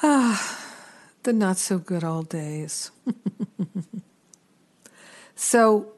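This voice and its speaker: A middle-aged woman hosting a reflective spiritual teaching talk, earnest and unhurried, with gentle self-deprecating asides. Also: lowish voice. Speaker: spiritual teacher and podcast host.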